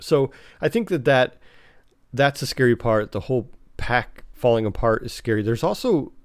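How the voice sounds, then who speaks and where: A man hosts a solo podcast, rambling through his notes with lots of ums and restarts. His mid-pitched voice sits in a dry, close room with no echo. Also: expressive, normal speed, clear, resonant tone. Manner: rambling, full of fillers and restarts. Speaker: podcast host. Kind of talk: casual solo podcast talk.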